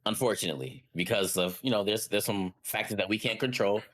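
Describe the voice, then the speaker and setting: Man, very low voice, podcast co-host, laid-back, thoughtful, casual chat. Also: fast talker, a bit bright.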